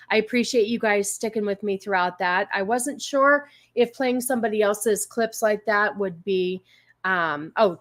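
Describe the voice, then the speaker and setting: A woman's voice: mid-range voice, fairly bright tone. A woman hosting a casual livestream, chatty and rambling with many fillers. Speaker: livestream host.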